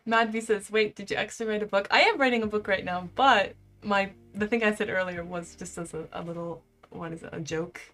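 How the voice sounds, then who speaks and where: A young woman in her twenties, a live-streamer, chatting casually and reading out viewer comments in an animated way. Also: mid-range voice, brisk, few pauses, soft background music. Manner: chatty and animated, heavy use of "like".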